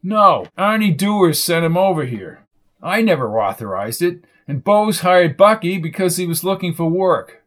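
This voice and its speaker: A man's voice: high-pitched, big pitch swings, moderate pace, fairly bright tone, voice pushed up. A man voicing a wry, irritable male amateur sleuth who talks in a dry, curt manner.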